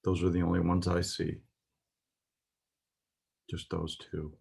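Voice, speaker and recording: A man with a husky voice teaching a lesson, reading words slowly and carefully with some pauses. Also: deep voice, completely flat delivery, darkish tone. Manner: spells out words carefully, pausing with "uh". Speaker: Hebrew teacher. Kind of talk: slow, deliberate lesson.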